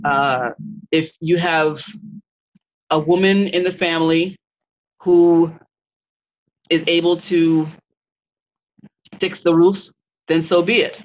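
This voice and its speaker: A Kemetic faith teacher giving a live-streamed talk, earnest and digressive, often pausing to search for words. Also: mid-range voice, fairly even intonation. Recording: dull lo-fi stream audio.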